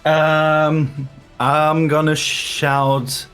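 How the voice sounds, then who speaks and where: Slow, hesitant male tabletop player. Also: medium pitch, faint music behind. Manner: hesitant, many ums, laughs. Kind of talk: casual chat in a tabletop game.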